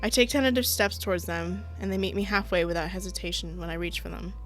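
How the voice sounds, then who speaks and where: A woman's voice: fairly low pitch, fast, a bit bright, faint music behind. A woman streaming a visual novel, reading it aloud with playful, giggly commentary. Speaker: gaming streamer.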